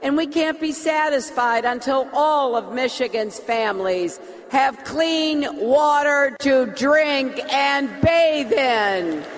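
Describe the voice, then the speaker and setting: Woman politician at a podium, slow deliberate campaign speech, big hall reverb. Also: high voice, lively intonation. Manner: slow, emphatic, rhetorical repetition. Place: large hall.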